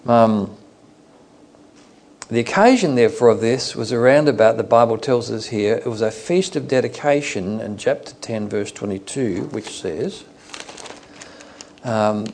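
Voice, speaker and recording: Gravelly man teaching from the Bible. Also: medium pitch, unhurried, long pauses, darkish tone, slight background noise. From Australia. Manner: conversational, digressive, with fillers. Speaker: preacher.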